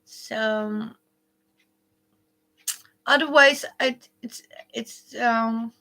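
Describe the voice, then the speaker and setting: A high, bright woman's voice talking very slowly and chattily to her viewers from her living room. She rambles, restarts her sentences and drops into soft whispered asides. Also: fairly even intonation, creaky. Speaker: quilting livestream host. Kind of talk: casual live chat with viewers. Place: indoors at home, living room.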